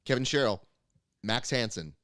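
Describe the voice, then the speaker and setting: A man hosting a casual panel show, chatty and playful, quick to laugh. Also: mid-range voice, lively intonation, fairly bright tone, no echo, clean studio sound. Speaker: host.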